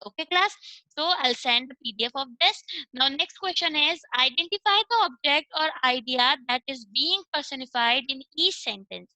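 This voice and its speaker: A woman's voice: high voice, animated, moderate pace, pushed and bright, no echo, rough recording. A woman teacher with an Indian accent giving an online class, explaining step by step and mixing English with Hindi. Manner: explains step by step, switching between English and Hindi, checks with "okay".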